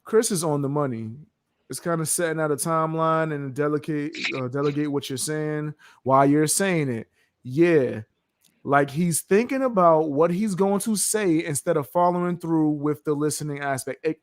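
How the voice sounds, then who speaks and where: A man's voice: a little high, normal speed. A young man co-hosting a stream in casual chat, explaining his points bluntly and laughing often. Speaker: stream co-host.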